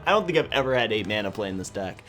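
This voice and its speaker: A man's voice: lowish voice, very animated, fast, soft background music. Rambling sarcastic man commenting on a game. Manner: rambling, sarcastic, laughs often, swings loud and soft. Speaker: gaming channel host. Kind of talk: casual video game commentary.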